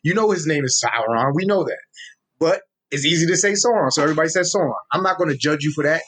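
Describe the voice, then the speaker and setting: A young man speaking in a New York accent, in a somewhat raised voice. He talks in a casual, street-flavored way, full of energy, repeating words and restarting sentences as he explains things. He sounds relaxed and ready to teach. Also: a little high, quick pace. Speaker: guest, social media Tolkien explainer. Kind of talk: casual interview talk.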